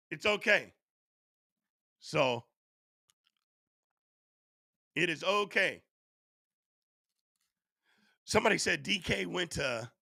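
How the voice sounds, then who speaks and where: Male stream host, voice fading hoarse; bright, edgy tone, dry close-miked sound, casual chat with the audience. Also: high voice, no echo. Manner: animated, reads and answers chat. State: voice going hoarse. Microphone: studio USB microphone.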